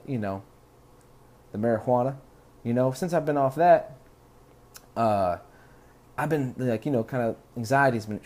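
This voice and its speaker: A man's voice: medium pitch, darkish tone. Laid-back rambling man, casual podcast talk. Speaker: podcast host.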